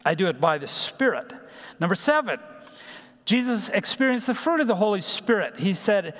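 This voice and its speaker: A man preaching a numbered sermon, pausing with fillers and restarting phrases. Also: sits high, very animated, a bit bright. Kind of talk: sermon teaching. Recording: long hall reverb.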